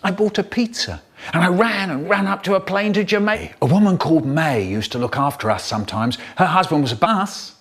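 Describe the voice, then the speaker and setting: A man's voice: on the high side, animated, fairly quick, hardly any pauses, fairly bright tone. A man telling comic stories in spliced bits, jumping between the voices of family members. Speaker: storyteller.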